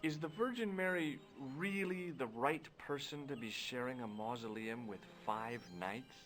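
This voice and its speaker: A man's voice: medium pitch, unhurried, fairly bright tone, soft background music, close to an everyday voice. An actor voicing a curious, wry young male adventurer in a video game, talking casually and inquisitively. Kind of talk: video game voice acting with narration.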